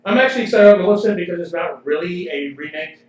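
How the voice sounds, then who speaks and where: A man's voice: high voice, animated, racing. A man co-hosting a podcast in casual chat, opinionated and laughing often. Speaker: podcast co-host. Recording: roomy, distant, slightly dull livestream audio.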